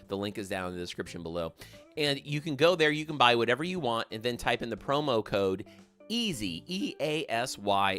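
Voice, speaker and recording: Male game streamer, chatty and upbeat, bright forceful tone, light music playing underneath. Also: medium pitch. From American South. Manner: chatty, upbeat, thanks viewers by name. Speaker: livestream gaming host. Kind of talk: casual livestream chat reading viewer comments.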